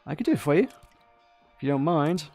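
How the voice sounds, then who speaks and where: A man's voice: a little high, big pitch swings, moderate pace, a little mellow, faint music behind. A man reading as an easygoing young game heroine. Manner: reading game dialogue aloud, casual. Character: young woman newcomer, easygoing and cheeky.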